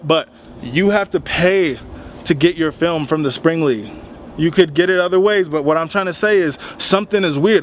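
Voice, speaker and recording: Young male vlogger, slightly high voice, animated and heated storyteller, faint background hiss. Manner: animated, retells arguments with rising heat. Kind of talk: casual storytelling vlog.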